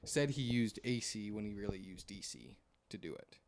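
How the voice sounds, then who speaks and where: A man's voice: on the low side, expressive, normal speed. A man co-hosting a podcast, chatting casually in a rambling, hedging way. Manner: rambling, self-deprecating, hedges with "I think". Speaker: podcast co-host. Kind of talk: casual chat.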